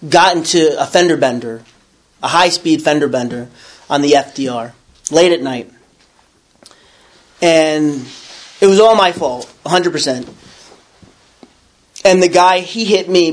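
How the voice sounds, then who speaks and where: A middle-aged man recounts a personal story in casual, unpolished speech. He rambles, stumbles and corrects himself as he goes. His voice sits a little higher than most men's. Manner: rambling, with many restarts and self-corrections. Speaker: storyteller sharing a recovery story.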